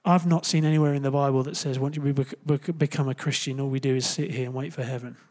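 A young man preaching a relaxed, conversational sermon, chatty and joking, with lots of fillers and quick self-corrections. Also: medium pitch. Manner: animated, jumps into loud playful asides.

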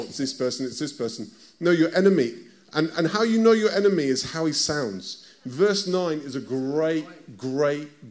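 A man's voice: a little high, darkish tone. A man with a British accent preaching a conversational sermon, often stopping to ask his listeners direct questions. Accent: British English.

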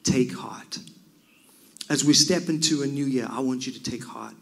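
A man preaching a sermon, swinging from loud cries down to near whispers. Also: medium pitch, brisk, vocal fry.

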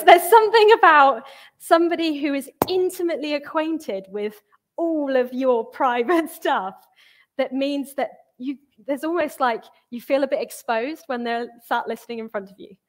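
Expressive young woman preaching, higher voice. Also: normal speed. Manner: earnest, expressive, conversational preaching. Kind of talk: sermon.

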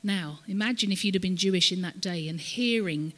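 Woman guest speaker in a church, sharp bright voice, long hall echo, gets folks to repeat after her. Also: fairly low pitch, brisk. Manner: storytelling, has the audience repeat words. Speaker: visiting ministry speaker at a church. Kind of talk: church talk, teaching.

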